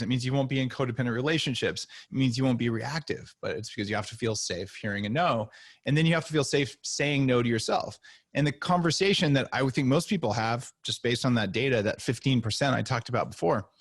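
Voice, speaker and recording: A man speaks as a podcast guest, telling lively stories and slipping into the voices of the people in them. His voice sits at a middling pitch. The sound is dry and close, with no room echo. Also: fast. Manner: animated, acts out dialogue in stories. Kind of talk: casual interview storytelling.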